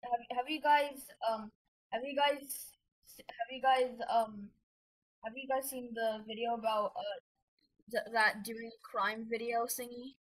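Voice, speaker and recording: A woman's voice: a little high, fairly even intonation, measured pace, poor audio. A woman giving rambling, self-mocking commentary while playing a game, easily flustered. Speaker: gamer. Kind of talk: gameplay commentary.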